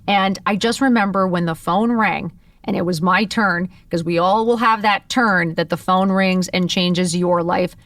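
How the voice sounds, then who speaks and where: A woman's voice: on the low side, unhurried, no echo, clean studio sound, distant mic. Candid woman in her fifties, storytelling. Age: 50s. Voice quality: expressive, with lots of "like" fillers and profanity. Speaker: podcast host. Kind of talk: candid personal storytelling monologue.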